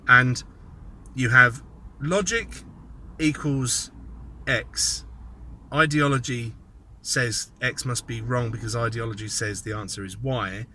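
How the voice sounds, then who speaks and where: A man delivers a casual commentary monologue, his voice very bright and sharp. He rambles, thinks aloud and slips in mocking, sardonic asides. His pitch sits in a middling range for a man. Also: slow, pauses often, slight background noise. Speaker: political commentator.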